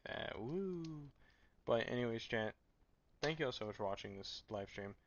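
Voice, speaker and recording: Late at night and short on sleep, a man streams live, talking casually in a brisk voice on the low side. His rambling chat is full of stammered restarts, captured through a dull lo-fi microphone.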